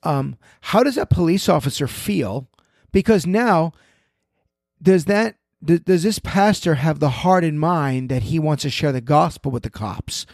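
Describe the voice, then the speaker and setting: A man, apparently a pastor, giving emphatic religious commentary, reading scripture aloud and teaching through quick questions. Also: a little high, animated, gravelly, darkish tone, no echo, clean studio sound.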